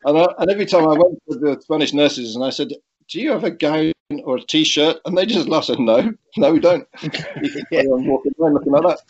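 A man's voice: on the high side, husky. A middle-aged man telling a story in a conversational way, hesitant and full of restarts, often chuckling. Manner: halting, with frequent restarts and chuckles. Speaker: guest recounting a cycling accident. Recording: dull lo-fi recording.

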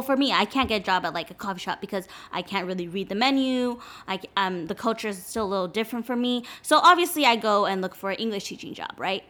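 A woman's voice: mid-range voice, a bit bright. A young woman from California, chatting casually and rambling with lots of filler words. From California, United States. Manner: rambling, heavy use of "like". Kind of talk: casual chat.

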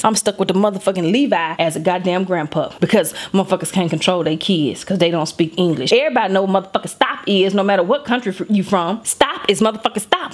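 A middle-aged woman hosting a podcast, telling a story in a blunt, profane, animated comic monologue. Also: a little high.

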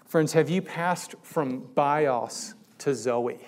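Animated man preaching a sermon. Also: a little high, slow pace. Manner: conversational preaching, rising to emphatic peaks. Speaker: pastor.

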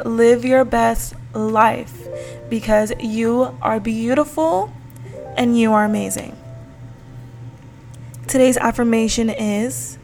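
A woman's voice: fairly high pitch, steady tone, slow, vocal fry, pauses often, a little mellow, soft background music. A young woman hosting her own podcast, chatting casually and upbeat with slangy asides to her listeners. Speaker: podcast host. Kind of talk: casual solo podcast chat.

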